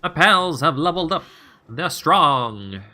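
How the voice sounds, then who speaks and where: Bright-voiced chatty male streamer. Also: on the high side, big pitch swings, unhurried, faint music behind. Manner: chatty, laughing, rambling asides to chat. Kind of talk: casual game stream chat.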